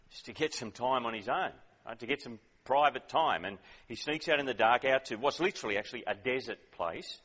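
A man's voice: medium pitch, a bit bright, long reverb tail, highs cut off. A man preaching a sermon in a conversational, emphatic way, often asking questions.

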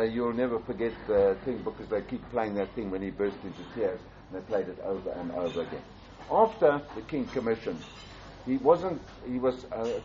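An older man earnestly tells a personal story as a pastor, repeating and restarting phrases and rising in pitch for emphasis. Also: a little mellow. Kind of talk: storytelling testimony. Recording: dull, slightly muffled with faint background hiss.

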